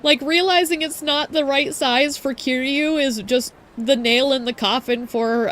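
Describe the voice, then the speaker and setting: A woman's voice: high voice, steady tone, unhurried, few pauses, a bit bright. A young woman streaming a game, reacting with emotion and laughing through the sad moments. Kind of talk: let's play commentary.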